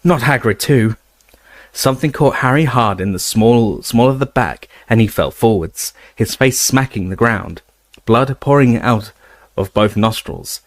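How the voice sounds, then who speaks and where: A man reading a fantasy novel aloud as an audiobook narrator, expressive and raising his voice for the shouted moments. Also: mid-range voice, measured pace, no room sound.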